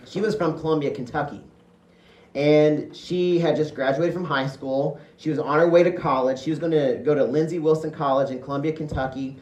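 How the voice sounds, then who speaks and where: A man from Indiana telling a comic family story in a one-man show, conversational, with pauses and fillers. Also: a little high, highs cut off. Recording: echoey room with faint music.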